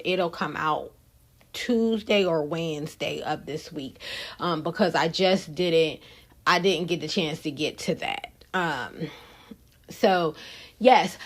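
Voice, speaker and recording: Chatty woman hosting a podcast. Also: fairly low pitch. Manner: chatty, frank, addresses listeners as y'all. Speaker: podcast host. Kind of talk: casual solo podcast chat.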